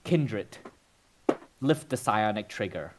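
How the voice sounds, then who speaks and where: A man's voice: lowish voice, expressive, takes it slowly, background noise. Man voicing a grave superhero leader woman. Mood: solemn.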